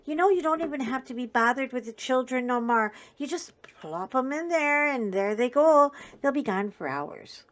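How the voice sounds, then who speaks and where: A woman's voice: sits high, expressive, normal speed, few pauses, pitched above the performer's own voice. Breezy, folksy moms, as a woman puts them on, a light quoted aside. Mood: smug. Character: complacent moms praising television as babysitter.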